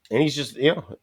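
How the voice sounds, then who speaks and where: Fast-talking, profane man. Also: mid-range voice, a bit bright. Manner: profane, rambling anecdotes with quoted dialogue. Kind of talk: casual storytelling chat.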